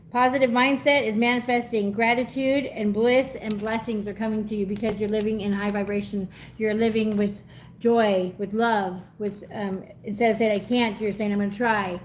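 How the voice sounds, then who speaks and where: A woman giving a live energy reading in a chatty, effusive way, laughing often and going soft and teary when moved. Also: fairly high pitch, a little hiss or hum. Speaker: tarot reader.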